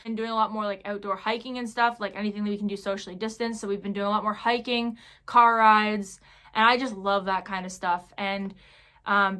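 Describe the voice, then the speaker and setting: A woman's voice: mid-range voice, sharp tone. A young woman talking casually in a vlog Q&A, chatty and full of fillers, telling stories with animation. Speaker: YouTuber.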